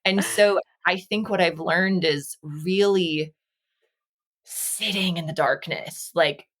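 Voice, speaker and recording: Taking it slowly, a woman with a voice on the low side reflects earnestly as a podcast guest in a casual video-call conversation. She's an energy healer from Las Vegas, United States, and she acts out quoted dialogue.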